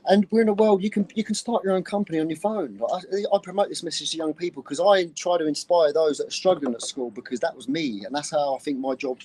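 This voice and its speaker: A man in his twenties from Luton with an English accent, telling stories in an animated, laddish way in a casual chat. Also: fairly high pitch, breathy edge, low-quality recording. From England. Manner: animated, laddish slang, quick stop-start telling.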